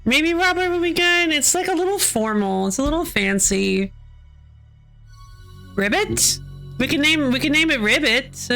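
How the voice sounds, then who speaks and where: A woman streaming a game with excitable, giggly commentary that breaks into panicky shrieks. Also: high-pitched, moderate pace, creaky, hardly any pauses, faint music behind. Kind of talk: live gameplay commentary.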